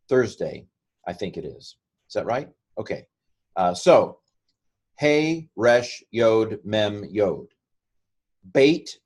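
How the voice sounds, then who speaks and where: A man teaching a casual Hebrew lesson, talking haltingly with many fillers and restarts. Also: lowish voice.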